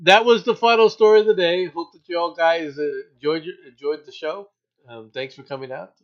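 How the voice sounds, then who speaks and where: A man's voice: on the high side, fairly even intonation, fairly quick. A man hosting a casual news review podcast, reading stories with joking asides. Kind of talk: casual comic news chat. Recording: dull lo-fi sound.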